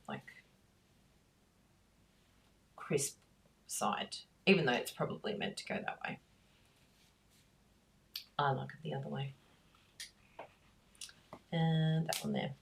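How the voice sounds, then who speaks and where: A middle-aged woman with a low voice talks through a craft class. Her chat is relaxed and rambling, with warm asides and easy laughter. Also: gravelly, recorded from a distance, a little hiss or hum. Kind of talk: chatty talk while crafting.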